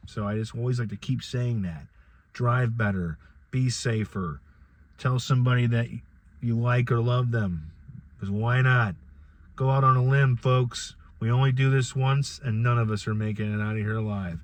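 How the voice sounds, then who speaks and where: A middle-aged man with a mid-range voice talks at a moderate pace. Hosting a solo podcast, he gives casual commentary in a rambling, conversational style, often restarting his sentences.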